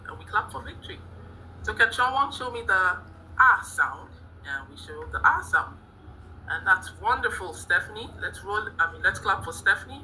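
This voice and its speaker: A woman leads a phonics lesson in a very bright, ringing voice, cheering the class on and sounding out each letter. A faint hiss sits under the recording, as on a video call. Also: mid-range voice, rough recording. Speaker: teacher trainee.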